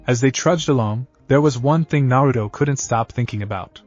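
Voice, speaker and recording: A man giving a steady scripted narration of a fan-fiction story. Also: medium pitch, normal speed, few pauses. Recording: dull lo-fi audio. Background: faint background music.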